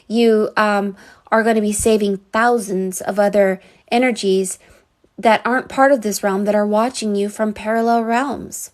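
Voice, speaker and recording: A woman's voice: mid-range voice, a little mellow. A woman giving a live psychic reading, earnest and rambling, with many fillers and restarts. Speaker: psychic reader.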